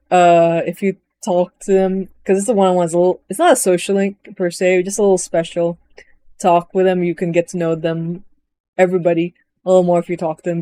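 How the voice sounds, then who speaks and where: A woman giving a casual, rambling recap of a video game, chatty and animated, often slipping into quick voices for the characters. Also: on the low side. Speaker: gaming vlogger.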